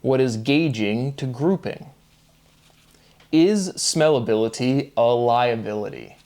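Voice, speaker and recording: A man's voice: mid-range voice, slow, a little mellow. A man reading aloud from his notes in a rambling monologue, pairing words and muttering asides to himself. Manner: reads word pairs aloud, muttering asides. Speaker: self-published theorist reading notes.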